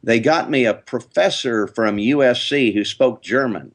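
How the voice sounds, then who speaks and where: An older man, a voice actor, telling lively interview anecdotes. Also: medium pitch, a little slow. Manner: lively storyteller, slips into character voices. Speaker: voice actor guest.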